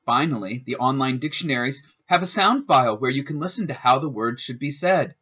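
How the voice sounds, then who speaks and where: A man giving a scripted instructional narration as a student presenter, with a careful, deliberate teaching delivery. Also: medium pitch, expressive, bright, forceful tone, husky. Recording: dull lo-fi voice-over.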